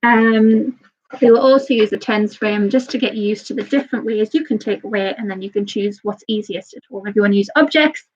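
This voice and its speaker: A woman's voice: mid-range voice, fairly even intonation, a little mellow, slight background noise. A woman teaching a live online maths lesson to young children, patient and a little nervous, checking in with "okay?" often. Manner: patient, repeats "okay?" often, talks a bit fast and nervous. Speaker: early years teacher. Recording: slightly dull lo-fi sound.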